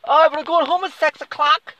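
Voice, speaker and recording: An Irish man putting on the voice of a whiny, cowardly male fighter, mocking him in a high whine. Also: fairly even intonation, normal speed, bright, forceful tone. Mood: whining. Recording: dull lo-fi recording.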